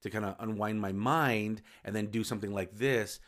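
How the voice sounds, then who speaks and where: A low-voiced man talks through his solo podcast in a loose, unscripted way. He wanders, restarts phrases and fixes his own words as he goes. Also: fairly even intonation, normal speed, fairly bright tone. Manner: rambling, self-correcting, informal. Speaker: podcast host. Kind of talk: casual solo podcast talk.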